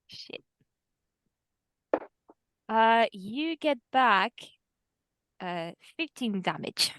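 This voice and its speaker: A woman playing a tabletop game, talking softly and fondly, sometimes in hushed tones. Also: on the high side, no echo. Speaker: player.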